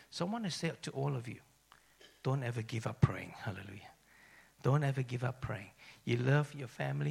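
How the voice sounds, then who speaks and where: A middle-aged man from Malaysia, a pastor telling his own story in a sermon, dropping to whispers and rising to excited highs. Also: gravelly, slightly rough. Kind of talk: sermon testimony.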